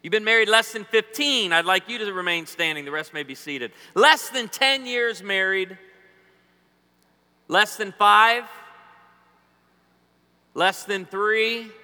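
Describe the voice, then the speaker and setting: A man's voice: high-pitched, takes it slowly, long pauses, pushed and bright. A man in his forties preaching a humorous sermon, joking with the congregation and telling stories. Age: 40s. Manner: joking, storytelling, playful banter with the crowd. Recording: long hall reverb.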